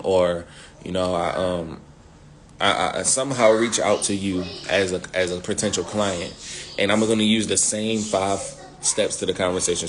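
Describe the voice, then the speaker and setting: Male sales coach, lowish voice, animated slangy delivery, repeats catchphrases, faint noise. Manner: animated, repeats key phrases, uses slang.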